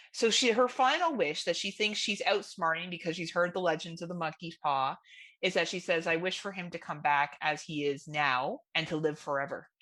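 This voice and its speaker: A woman co-hosting a horror podcast, chatting casually and retelling stories with animated enthusiasm. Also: mid-range voice. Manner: animated, enthusiastic storytelling with frequent laughs. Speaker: podcast co-host. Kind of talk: casual chat.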